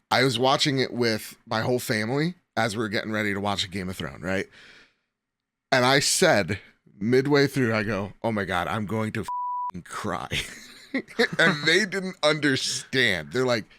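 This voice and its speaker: A young man co-hosting a casual podcast, talking in an animated, rambling way and laughing often. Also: mid-range voice, dry recording. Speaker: podcast co-host.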